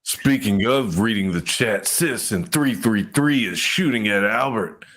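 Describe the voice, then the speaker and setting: A man with a very deep voice joins a livestream and teases the host dryly. He reads from the chat in a relaxed, casual way. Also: a little slow.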